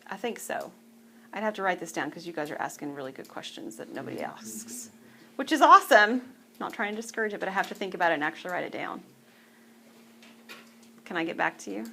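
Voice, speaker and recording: A woman's voice: fairly low pitch, big pitch swings, a little fast, gravelly, pauses often, sharp tone, slight background noise. A woman teaching math to a class, talking patiently and conversationally and often checking that students follow. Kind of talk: classroom lecture.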